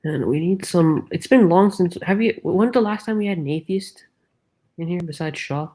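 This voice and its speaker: A man hosting a live call-in discussion show, chatting casually and retelling arguments in an animated way. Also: high voice, normal speed. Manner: animated, mimics others with sudden shifts in loudness. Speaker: host.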